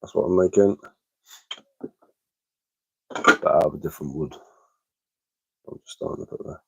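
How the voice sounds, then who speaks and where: An Englishman with a relaxed manner, chatting casually on a live stream while working on a craft project and answering chat messages aloud. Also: very deep voice, normal speed, gravelly, husky, no echo, poor audio.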